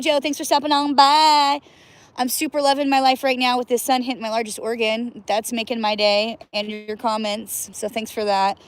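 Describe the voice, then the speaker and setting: High-voiced chatty woman livestreaming outdoors. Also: dry recording. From US Northwest. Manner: playful, chatty, laughs often, whoops. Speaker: livestream host. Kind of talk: casual livestream chat. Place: outdoors by cold water.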